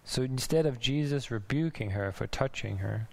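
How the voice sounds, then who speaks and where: A man preaching a sermon in a conversational, musing way, restarting thoughts and now and then laughing softly. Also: mid-range voice, moderate pace, gravelly. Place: church in Denmark.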